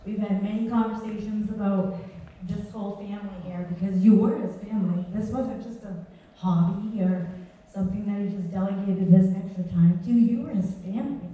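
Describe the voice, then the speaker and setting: A woman's voice: mid-range voice, steady tone, moderate pace, narrow, tinny audio. Woman giving a heartfelt eulogy, echoey hall. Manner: heartfelt, laughing storyteller. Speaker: speaker at a memorial tribute. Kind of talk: informal eulogy. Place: gathering of a dance community. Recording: echoey hall from far off, faint background noise.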